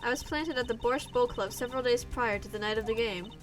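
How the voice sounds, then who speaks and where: A woman's voice: on the high side, fairly quick, over music, close to an everyday voice. A woman voicing a sly female card dealer on the witness stand, speaking in a put-on Russian accent with a smug, evasive manner. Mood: scheming.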